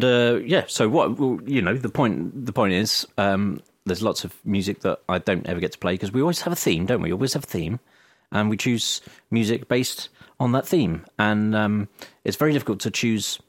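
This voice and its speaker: A man's voice: lowish voice, no echo. A man hosting a music podcast in casual, dry banter with his co-host.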